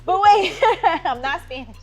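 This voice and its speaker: A woman's voice: very high voice, lively intonation, unhurried, a little mellow, soft background music. A young woman co-hosting a podcast, playful and slangy, laughing through a casual chat. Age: young adult. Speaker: podcast co-host.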